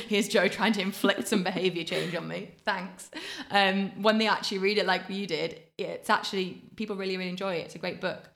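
A woman, a fitness coach giving quick practical advice in casual podcast chat. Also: mid-range voice, steady tone, vocal fry, a bit bright. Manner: fast, practical advice with many fillers.

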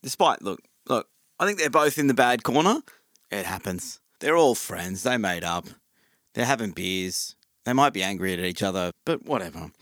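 A man's voice: on the low side, normal speed, dry recording. Aussie guy hosting his podcast, easygoing rambly chat, dead dry sound. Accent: Australian. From Australia. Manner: chatty, relaxed, many ums. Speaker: podcast host.

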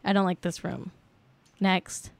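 A woman's voice: on the low side, takes it slowly, gravelly, no room sound. Sarcastic woman podcast host, dry mic. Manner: sarcastic, swears casually, many "like" fillers. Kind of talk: casual podcast commentary.

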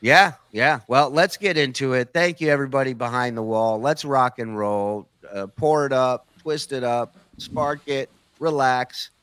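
A man hosting a podcast in loose, crude banter, laughing often as he riffs with his co-hosts. The mic is close and dry with no room sound. His pitch sits in an ordinary middle range. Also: measured pace, few pauses, fairly bright tone, clean tone, no room sound. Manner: laughs often, rowdy joking. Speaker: podcast host.

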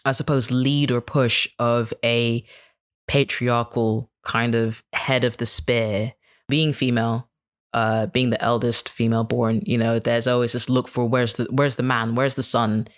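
A woman's voice: very deep voice, flat delivery, measured pace. A woman from Kenya with a mostly British accent and a slight American twang, a podcast guest speaking reflectively with many fillers. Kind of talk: casual podcast interview.

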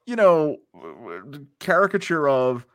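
A man's voice: fairly high pitch, big pitch swings, measured pace. A man co-hosting a casual podcast, describing film shots and laughing often as he talks. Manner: playful storyteller, laughs often, breaks into mock character voices. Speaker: podcast co-host. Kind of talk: casual chat reviewing a film.

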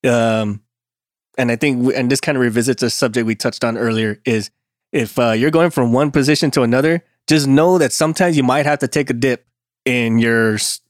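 A man's voice: medium pitch, dry recording, studio quality. A man chatting casually on a podcast, laid-back and profane, laughing often at his own stories. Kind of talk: casual chat.

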